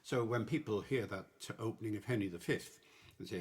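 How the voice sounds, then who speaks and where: Measured older man, husky and low. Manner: measured, explaining patiently. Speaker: language professor guest. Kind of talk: explanatory podcast discussion.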